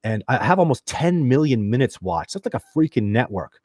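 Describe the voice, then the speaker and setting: Excitable rambling man on a livestream. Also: mid-range voice, a little fast, no echo, clean studio sound. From Canada. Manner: rambling, excitable, many restarts and fillers. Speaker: livestream host. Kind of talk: casual livestream chat reading viewer questions.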